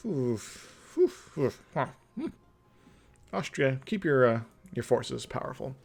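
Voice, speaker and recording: A young man streaming a strategy game, thinking out loud in casual commentary, chuckling and humming to himself as he plays. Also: mid-range voice, big pitch swings, slow pace, creaky, long pauses, breathy edge.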